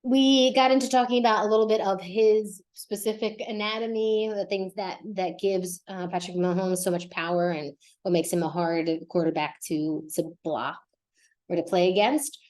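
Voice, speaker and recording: A young woman hosting a casual podcast lesson, chatty and lively, often laughing and correcting herself as she explains vocabulary. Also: mid-range voice, normal speed. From United States. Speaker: Spanish teacher and podcast host.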